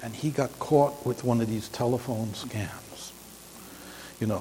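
Older preacher in an echoing hall. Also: male voice, mid-range voice, mellow. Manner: halting, rambling, frequent restarts. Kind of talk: informal sermon storytelling. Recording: long hall reverb, faint hiss.

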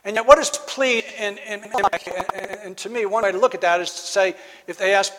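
A man with a high voice delivers a reflective sermon, pausing and restarting his phrases as he thinks aloud. His voice rings out with a long reverb, as if he were in a large hall. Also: fairly even intonation, fairly bright tone. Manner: reflective, halting with frequent restarts. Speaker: preacher.

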